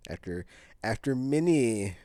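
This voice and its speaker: A man's voice: medium pitch, animated, a little slow, mellow, no echo, studio quality. A man casually recapping a game session, rambling and jokey, loose with filler words. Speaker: player.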